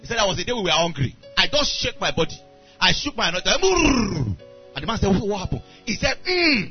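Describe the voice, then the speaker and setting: A male preacher tells a story in his sermon and acts out the characters as he goes. His voice sits high and swings widely in pitch. The recording sounds dull and lo-fi, with faint music underneath. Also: racing. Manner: animated storytelling, voicing characters.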